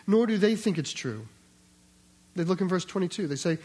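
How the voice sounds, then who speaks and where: A man with a high voice preaches through a scripture passage. He keeps it conversational, acts out the voices he quotes and restarts phrases as he thinks aloud. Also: animated, normal speed, darkish tone. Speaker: pastor. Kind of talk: expository sermon.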